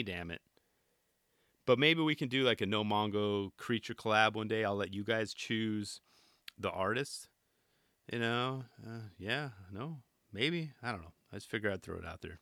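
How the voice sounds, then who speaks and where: A man talks through his reactions in a loose, rambling way, tossing in jokes as he goes. His voice is piercingly bright and edged. The sound is dry and close, with no room around it. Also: fairly low pitch, animated, normal speed, dry recording. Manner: chatty and rambling, with joking asides. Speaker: reaction commentator. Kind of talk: casual reaction commentary.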